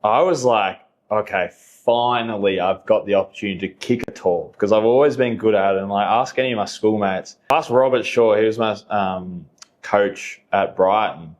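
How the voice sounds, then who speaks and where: A young Australian man speaks as a podcast guest in a loose, rambling way. He leans on fillers and breaks into laughs often, his voice sitting a little low. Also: moderate pace. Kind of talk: casual conversation.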